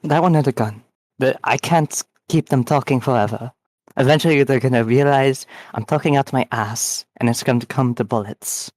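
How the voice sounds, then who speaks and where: A man's voice: medium pitch, normal speed, darkish tone, dry recording. A man playing in a tabletop game, casual and swearing freely. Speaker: player. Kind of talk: tabletop game role-play chat.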